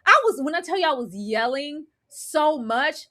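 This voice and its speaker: A woman co-hosting a casual TV recap chat, animated and loud, acting out her own yelling at the screen. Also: high voice, moderate pace. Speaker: podcast co-host.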